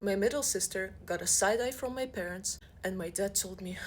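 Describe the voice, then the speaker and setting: A woman's voice: medium pitch, moderate pace, few pauses, a little hiss or hum. A young woman telling a funny personal story with sarcastic, profane asides. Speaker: storyteller vlogger.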